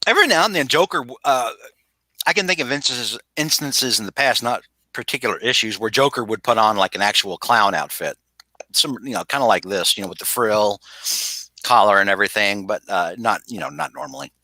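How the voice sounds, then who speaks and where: A man's voice: fairly low pitch, expressive, brisk, bright, forceful tone, no room sound. A man recapping a comic book on a podcast in a casual, rambling way, full of fillers and restarts, over a video call. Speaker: podcast host.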